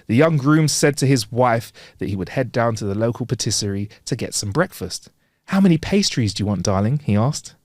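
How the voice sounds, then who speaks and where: Playful man, lively voice. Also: mid-range voice, fairly quick, dry recording, studio quality. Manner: playful, giggly, voices joke characters. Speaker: podcast co-host. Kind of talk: casual comedy chat, reading jokes.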